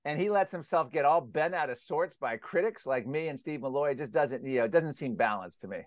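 Animated, rambling American man, dry close sound. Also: fairly high pitch, fairly quick, no echo. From United States. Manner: animated, rambling with restarts, acts out quotes loudly. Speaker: guest, climate skeptic publisher. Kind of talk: casual interview storytelling.

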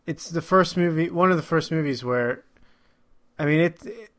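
A man's voice: on the high side, moderate pace, fairly bright tone. A man co-hosting a podcast, chatting casually about movies, chuckling and trailing off as he talks. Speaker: podcast co-host.

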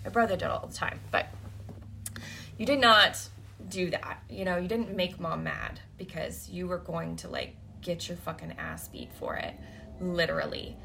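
A woman's voice: fairly low pitch, moderate pace, vocal fry, pushed and bright, slight background noise. A woman hosting a podcast, telling a personal story in a blunt, profane way and laughing often. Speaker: podcast host. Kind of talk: candid storytelling monologue.

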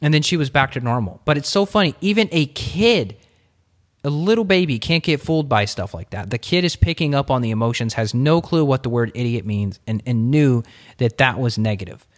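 A man hosting an interview podcast, telling stories in a lively, expressive way. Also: medium pitch, fairly quick. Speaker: podcast host. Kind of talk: casual interview chat.

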